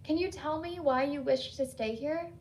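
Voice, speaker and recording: Lady doing a pleading medium, high earnest voice, coaxing a ghost. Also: normal speed, slight background noise, close to an everyday voice. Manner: gentle, pleading, grows indignant.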